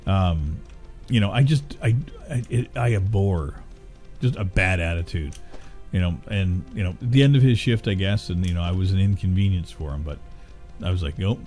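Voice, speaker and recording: A middle-aged man with a lowish voice talks casually while streaming a game. He rambles, grumbles and swears freely, with faint game music playing behind him. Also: moderate pace, a little mellow. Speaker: gaming streamer. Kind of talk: casual chat while gaming.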